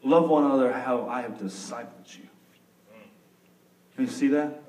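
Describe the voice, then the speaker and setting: A young man preaching a sermon with a Texan accent, acting out the figures of his story with sudden loud bursts. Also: medium pitch, moderate pace, far from the mic. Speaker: pastor. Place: church sanctuary. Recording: echoey room, mic some way off.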